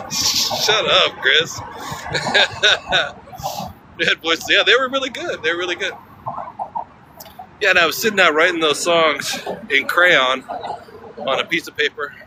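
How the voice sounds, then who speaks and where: Man vlogger, playful chat on a phone stream, slightly high voice, outdoor noise and traffic behind. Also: animated, slow, pauses often. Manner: joking, chatty, breaks into off-key singing. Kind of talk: live-stream walking chat with viewers.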